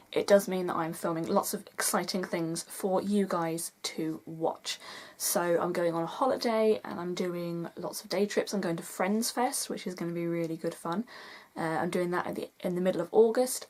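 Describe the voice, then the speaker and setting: A woman's voice: on the low side, a little mellow. A young woman vlogging in a chatty, enthusiastic way, gushing as she counts down a list. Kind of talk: casual vlog countdown.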